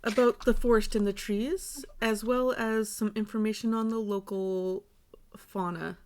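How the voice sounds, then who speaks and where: A woman's voice: on the high side, fairly even intonation, measured pace, slight background noise. A woman playing a tabletop game who speaks plainly and politely in character. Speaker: player.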